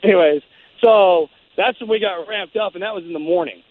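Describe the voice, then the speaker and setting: A man recounts a war story in a loose, rambling way, restarting his sentences and peppering them with "man" and "dude". His voice sits fairly high. The sound is thin and phone-like. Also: a little fast, dry recording. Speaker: interview guest, former Navy SEAL. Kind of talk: casual storytelling. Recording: phone-like narrow band.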